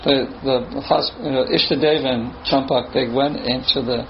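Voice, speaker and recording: A man telling a personal story in casual, halting speech, pausing often and restarting his sentences. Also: mid-range voice, steady tone. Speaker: spiritual teacher telling a story. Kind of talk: storytelling talk. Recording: dull sound with faint ambient noise.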